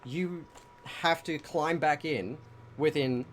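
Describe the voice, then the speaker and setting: A man runs a tabletop game for a team of players, his voice sitting a little high. He talks casually and swears freely while he describes the danger around them. A faint hiss of background noise runs under the recording. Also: slow pace. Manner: casual, swearing, dramatic scene-setting. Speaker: game master. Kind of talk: narrating a tabletop game show.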